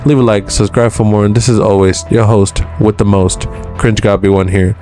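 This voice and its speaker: A young man with a low, monotone voice hosts a laid-back manga review. His talk is loose and slangy, sprinkled with swearing. Faint music plays quietly behind him. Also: moderate pace. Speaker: host. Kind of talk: casual manga chapter review.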